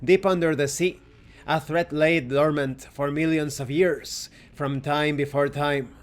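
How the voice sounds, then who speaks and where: Higher-voiced man reading game lore. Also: steady tone, unhurried. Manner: stops to correct his own pronunciation. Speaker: channel host reviewing a tabletop game. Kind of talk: reading game lore aloud, then closing remarks.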